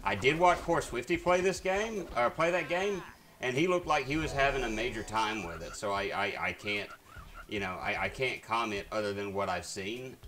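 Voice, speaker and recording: With faint game music behind him, a man streams a video game and chats casually with viewers, rambling with lots of fillers and restarts. His voice is on the low side and a bit bright.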